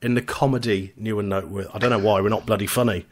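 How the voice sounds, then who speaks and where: A man's voice: on the low side, very fast. A man hosting a live podcast from the UK, joking around with his co-host and reading out messages from listeners. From United Kingdom. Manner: lively, teasing banter reading out chat messages.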